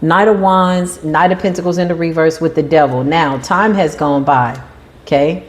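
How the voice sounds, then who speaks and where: A woman with a slightly low-pitched voice talks through a tarot spread. Her delivery is animated and emphatic, and she slips into quoted voices to act people out. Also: moderate pace. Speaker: tarot reader. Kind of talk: tarot reading monologue.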